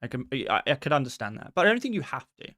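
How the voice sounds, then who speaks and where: A man hosting a casual live stream in a friendly, quick way, reading out viewer messages and answering each one. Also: medium pitch, very animated, sharp tone, dry recording, studio quality. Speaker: host answering viewer questions.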